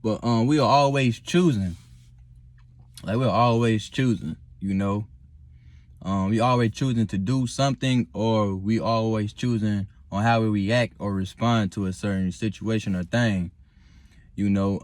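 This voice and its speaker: Sitting in his car at night, a young man talks casually to the camera in a lowish voice, calm and reflective. He rambles, restarts often, uses plenty of fillers, and swears freely. There's no room sound.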